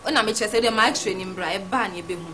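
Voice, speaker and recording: A woman's voice: medium pitch, very fast, music in the background. A woman with a Ghanaian accent, insistently explaining in comedy film dialogue. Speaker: comic actor.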